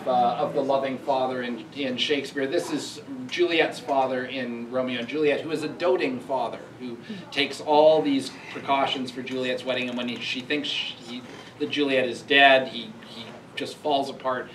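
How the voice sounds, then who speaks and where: A man's voice: fairly high pitch, moderate pace, slight background noise. A man giving a conversational university lecture, thinking aloud and reading quoted lines with emphasis. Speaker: professor giving a public lecture. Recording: echoey hall recorded from far off.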